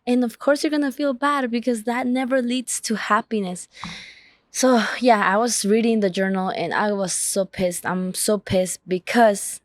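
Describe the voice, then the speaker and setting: A woman's voice: fairly high pitch, fairly even intonation, measured pace, no echo, studio quality. A woman vlogging in a casual chat, talking frankly and with exasperation while she reads back through an old journal. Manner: frank, exasperated, self-critical.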